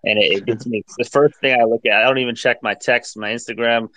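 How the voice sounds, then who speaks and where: A man's voice: mid-range voice, fairly even intonation, quick pace, sharp tone, no room sound. A man chatting eagerly on an online call, with stammering starts to his sentences. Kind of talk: casual chat on an online audio call.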